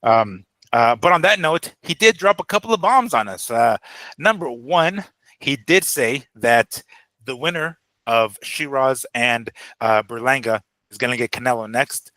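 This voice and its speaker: A man co-hosting a boxing talk show, in an excitable, casual chat style with plenty of swearing. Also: medium pitch, measured pace, no room sound, low-quality recording. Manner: animated, excitable, swears freely.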